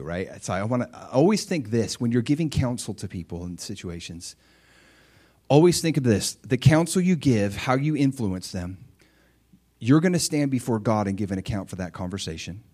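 A man preaching a sermon in a conversational way, acting out bits of dialogue as he teaches. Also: mid-range voice. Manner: conversational, animated, acts out dialogue. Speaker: pastor.

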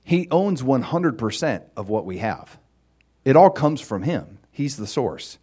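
Male pastor, lively sermon delivery with a very expressive pitch range, conversational. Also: unhurried, breathy edge.

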